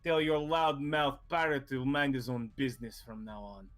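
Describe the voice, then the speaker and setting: A man's voice: mid-range voice, fairly even intonation, normal speed, fairly bright tone, lightly acted. A man voicing a sneering male pirate cutthroat with a put-on accent, taunting a downed foe. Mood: menacing. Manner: menacing, taunting.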